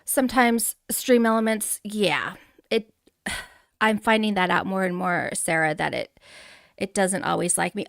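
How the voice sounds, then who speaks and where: A bright, fairly high-voiced woman chatting live with her stream audience in an eager, giggly rush. She calls out her viewers one by one with bubbly warmth. The sound is dry and close, with no room around her. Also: expressive, moderate pace, creaky, dry recording. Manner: greets chatters warmly by name. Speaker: livestream host.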